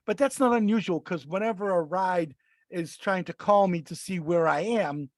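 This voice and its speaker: A man co-hosting a podcast, telling a long story in casual chat, animated and acting out the voices he quotes. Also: sits high, moderate pace, no echo. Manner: animated, acts out quoted voices, many restarts. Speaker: podcast co-host.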